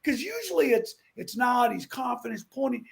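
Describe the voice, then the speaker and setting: A middle-aged man, a former stuntman and drag racer, chatting as a talk-show guest and telling animated stories. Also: extremely high pitch, fairly quick, creaky. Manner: animated storyteller who acts out quotes. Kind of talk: casual talk-show chat.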